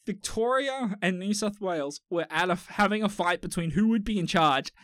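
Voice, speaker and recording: A man's voice: high voice, brisk, a bit bright, no echo, clean studio sound. A young man with an Australian accent, chatting casually as a podcast co-host, rambling and swearing with jokes. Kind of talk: casual chat.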